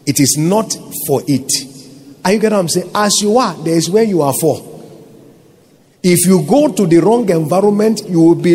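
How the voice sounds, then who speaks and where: High-voiced Nigerian pastor preaching. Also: male voice, a little mellow, husky. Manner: preaching with rhetorical questions to the congregation. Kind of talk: sermon.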